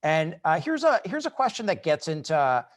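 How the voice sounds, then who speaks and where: A man moderating a virtual event, asking questions in a halting way with many fillers. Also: fairly high pitch, sing-song. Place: video call.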